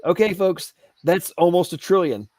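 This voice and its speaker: A man's voice: sits high, normal speed, darkish tone, no echo. A man hosting an aftershow, ranting heatedly and sarcastically about government waste. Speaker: show host. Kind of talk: aftershow rant. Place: Asheville home studio.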